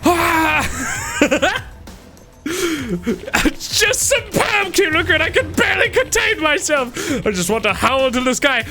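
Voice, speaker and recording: Casting: streamer doing a giddy, over-the-top male photographer, high and swooping, bright tone, faint game music behind. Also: big pitch swings, slow pace, full character voice. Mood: ecstatic. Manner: theatrical, ecstatic, shouting praise. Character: flamboyant, gushing male fashion photographer.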